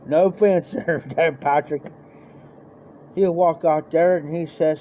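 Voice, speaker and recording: A man's voice: on the high side, fairly even intonation, a little slow. A man with a Midwestern American accent telling a rambling, folksy story on a live stream and acting out the voices of the people in it. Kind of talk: casual storytelling. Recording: dull lo-fi stream audio, faint noise.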